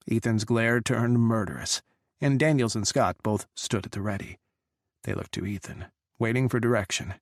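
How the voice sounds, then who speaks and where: A man reading a romance audiobook in a measured, dramatic narration style, on a close studio mic. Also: mid-range voice, dry recording.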